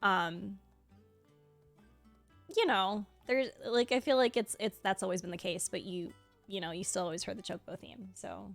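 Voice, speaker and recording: A woman's voice: medium pitch, steady tone, normal speed, creaky. A woman streaming a video game, chatting casually and gushing, with lots of "like" fillers. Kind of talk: casual live-stream chat. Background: faint game music.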